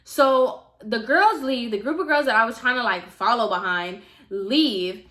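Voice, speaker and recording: On her vlog, a woman chats casually through a storytime, leaning heavily on "like" and addressing her audience directly. Her voice is on the high side and fairly bright, and she takes her time.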